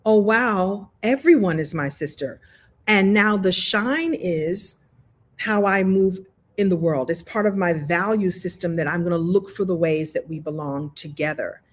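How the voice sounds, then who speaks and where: A husky-voiced woman talks on a live video call as host of a coaching challenge. She is animated and playful, acts out other people's voices in her stories, and laughs easily. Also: lowish voice, unhurried. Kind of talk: live online workshop talk, storytelling.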